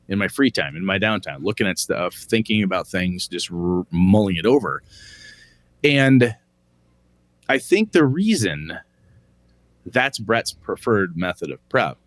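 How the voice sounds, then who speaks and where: A middle-aged man co-hosting a podcast, chatting casually in an animated way and swearing freely as he tells stories. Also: lowish voice, no room sound. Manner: animated, profane, storytelling. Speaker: podcast co-host. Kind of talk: casual chat.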